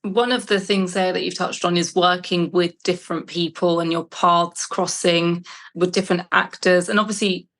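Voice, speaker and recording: Low-voiced woman interviewer. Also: steady tone, normal speed, a bit bright. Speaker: interviewer, host. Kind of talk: interview questions.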